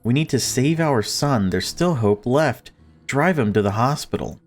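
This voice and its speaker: A man voicing a frantic, grieving mother in a horror game, pitching his voice up. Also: animated, unhurried, faint music behind. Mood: desperate.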